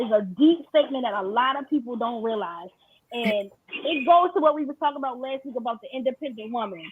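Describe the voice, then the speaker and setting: A high-pitched woman in casual podcast chat, her voice dry and close. She tells animated stories and acts out quoted lines. The sound is thin and tinny, like a phone line. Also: slightly rough, dry recording. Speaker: podcast host.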